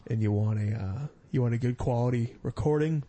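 A man's voice: mid-range voice, fairly quick, mellow. A man hosting a podcast in a small studio, chatting casually and rambling with lots of "uh" fillers and self-conscious asides. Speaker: podcast host. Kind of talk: casual chat.

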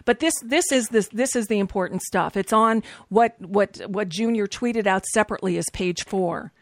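A woman's voice: medium pitch, normal speed, no room sound, clean studio sound. A woman co-hosting a casual political chat, reading documents aloud with wry asides. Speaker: podcast co-host.

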